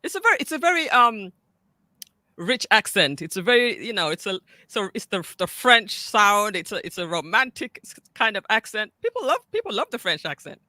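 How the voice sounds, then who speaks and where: A woman's voice: medium pitch, sing-song, a little fast, bright, forceful tone, no room sound. A woman hosting a live-stream interview, effusive and welcoming, often repeating her words as she speaks. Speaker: host.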